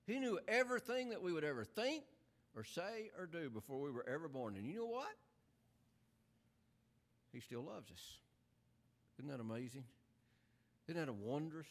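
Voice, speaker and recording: Man, preacher, sermon, earnest and emphatic, rhetorical questions, animated rising and falling voice. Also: mid-range voice.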